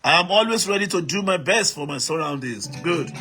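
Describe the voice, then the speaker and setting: A man's voice: fairly high pitch, animated, fairly quick, music in the background. A Nigerian man hosting a live stream, reading out viewer comments and urging the audience to write in, switching between English, Pidgin and Yoruba.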